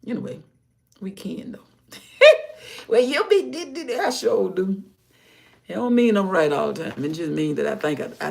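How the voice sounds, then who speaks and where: Older woman with a gravelly voice. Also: sits low. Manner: rambling, warm-hearted, drifts into soft murmurs. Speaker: livestream host. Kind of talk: casual rambling livestream talk about faith.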